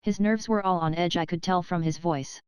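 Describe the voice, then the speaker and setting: Woman doing a gentle vague old english lady, musing softly, dry close mic. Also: lowish voice, normal speed, clean tone, dry recording, natural voice. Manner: mild, musing.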